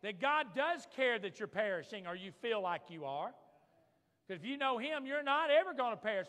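A man's voice: high-pitched, big pitch swings, normal speed, a bit bright. A man preaching a sermon as pastor, fervent, calling out for amens from the congregation. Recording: long reverb of a large hall.

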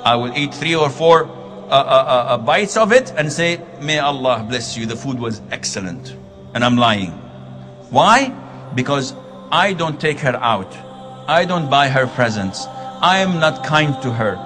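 A man's voice: fairly high pitch, very animated, a little slow, a bit bright. A man preaching a sermon on marriage, telling stories and acting out the quoted dialogue. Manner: storytelling, acts out quoted dialogue. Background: music.

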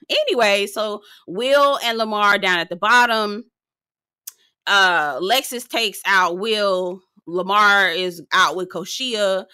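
A woman hosting a casual reality TV recap, sassy and animated, swearing freely as she talks straight to her viewers. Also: medium pitch, slow pace, clear, resonant tone, no room sound, studio quality.

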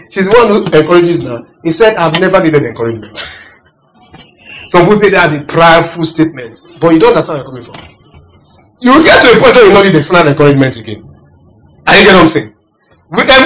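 A man preaching a sermon, asking the congregation "are you getting me" and swinging between loud emphasis and quiet asides. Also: high-pitched, a little hiss or hum, low-quality recording. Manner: animated preaching with call-and-response questions. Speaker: pastor.

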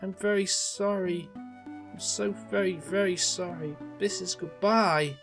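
A man reading as a calm Pokémon hero. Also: sits high, unhurried, music in the background. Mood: solemn.

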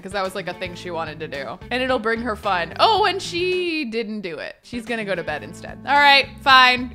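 A woman hosting a let's-play video, giving animated, chatty commentary and talking straight to the game's characters. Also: medium pitch. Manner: animated, chatty, talks directly to game characters. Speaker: gaming video host.

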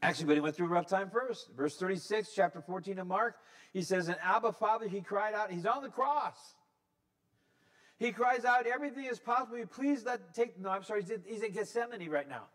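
A pastor in his sixties speaks fairly quickly, delivering a conversational sermon. He corrects himself as he goes and rises into high, excited emphasis.

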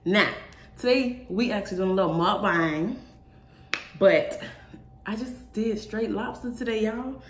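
A woman's voice: mid-range voice, measured pace, long pauses. A young woman hosting a mukbang vlog, talking straight to her viewers in a sassy, emphatic way. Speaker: mukbang vlogger. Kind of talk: casual chat to camera. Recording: echoey room with faint noise.

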